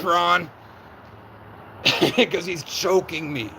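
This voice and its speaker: A man's voice: fairly high pitch, fairly even intonation, creaky, sharp tone, slight background noise, rough recording. Agitated man livestreaming outdoors. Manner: agitated, rapid storytelling with reenacted quotes. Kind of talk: livestream monologue.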